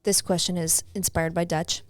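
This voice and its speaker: A woman co-hosting a podcast in casual chat, relaxed, asking the others questions. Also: lowish voice, moderate pace, no room sound, clean studio sound. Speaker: podcast co-host.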